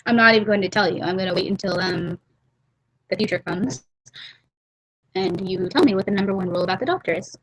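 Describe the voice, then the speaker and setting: A woman's voice: mid-range voice, fairly quick, long pauses, slightly rough, poor audio. Young woman host, loose rambling livestream chat, giggly asides, mumbled trail-offs, laptop mic. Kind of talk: casual chat while drawing. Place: warm room at home.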